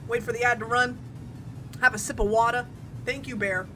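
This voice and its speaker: A woman streams a game, chatting playfully with her viewers and giggling often, her slightly high voice pushed and bright yet steady in tone at a moderate pace. Faint game music plays behind her.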